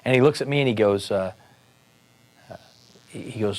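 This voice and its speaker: A man, a police sergeant, telling a story in a relaxed, conversational way with frequent fillers and restarts. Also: on the low side, normal speed. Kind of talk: storytelling talk.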